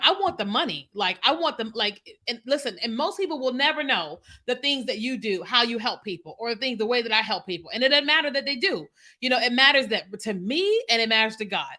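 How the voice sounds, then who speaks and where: A bright-voiced woman in her thirties talks to her livestream viewers as a business coach. Her pitch sits a little high, and she keeps checking in with "you know what I mean?" The delivery is loose and conversational, spoken into a computer mic. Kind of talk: casual livestream chat with viewers. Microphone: computer mic on a streaming setup.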